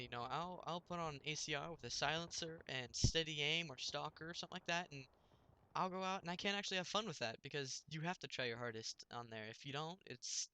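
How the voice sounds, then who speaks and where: A man's voice: medium pitch, pushed and bright, clean tone. A young man telling a rambling story while commenting on his gameplay, with many restarts.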